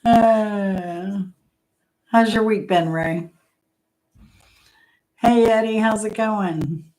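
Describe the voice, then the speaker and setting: Slow-talking woman hosting live trivia. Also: medium pitch, dark tone, poor audio. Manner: chatty, laughs often, reads out questions and greets chat by name. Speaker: host of live trivia stream.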